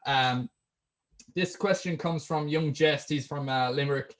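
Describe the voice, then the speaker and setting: A man's voice: a little high, a little slow, fairly bright tone. A man hosting a podcast, talking loosely with lots of ums while reading out questions. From Ireland. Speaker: podcast host. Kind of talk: casual interview chat.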